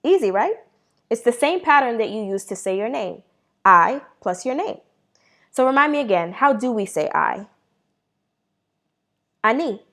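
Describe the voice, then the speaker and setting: Female language teacher, patient and encouraging, quizzes then answers herself, slows down to model words. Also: a little high, very animated, fairly bright tone. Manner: encouraging, asks questions and answers them herself. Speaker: Hebrew teacher. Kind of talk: beginner language lesson.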